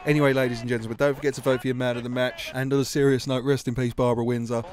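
A man giving sweary, excitable commentary over his own football gameplay as a YouTube host. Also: mid-range voice, racing, soft background music. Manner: excitable, sweary, shouts at the screen. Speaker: gaming YouTuber.

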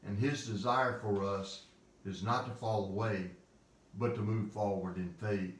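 A male pastor giving an emphatic devotional sermon, stressing repeated phrases and slowing on key words. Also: lowish voice, steady tone, recorded from a distance. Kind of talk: devotional sermon teaching from scripture. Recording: roomy sound, speaker away from the mic.

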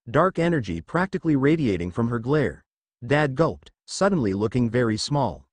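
A man's voice: mid-range voice, big pitch swings, moderate pace, dry recording. A man reading a fan fiction story aloud in an audiobook style, giving the characters small voice shifts.

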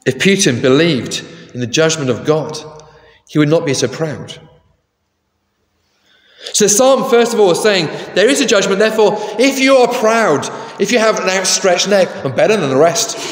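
Man, preacher, fairly high voice, long church reverb. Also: lively intonation, normal speed. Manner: conversational, asks the congregation questions. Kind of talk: sermon. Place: large church.

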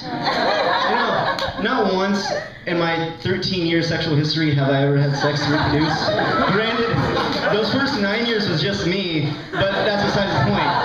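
A young man does a stand-up set in a college lounge, rambling with many likes and ums and mocking himself while the audience laughs. His fairly high voice comes through very noisy, distant, echoey, and dull in lo-fi sound.

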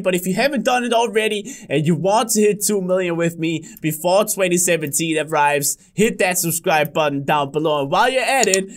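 Excitable high-voiced gaming host man. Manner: excitable, yelps and laughs at surprises. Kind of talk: casual gaming commentary.

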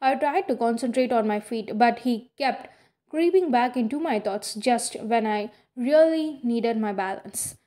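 Woman reading a novel aloud, halting. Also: on the high side, warm tone. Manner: halting reading with frequent slips. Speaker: audiobook reader. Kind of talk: first-person novel narration.

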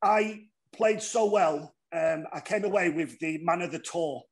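A middle-aged man with a northern English accent, a former rugby player telling stories in a casual interview, animated and swearing freely. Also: a little high, measured pace. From northern England. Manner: animated, swears freely, acts out voices in anecdotes.

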